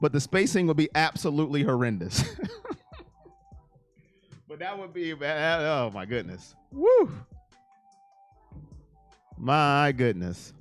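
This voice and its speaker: A man hosting a casual live sports stream, reading chat comments and ranting with excitement, sometimes shouting and then dropping to a mumble. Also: on the high side, takes it slowly, long pauses, faint music behind.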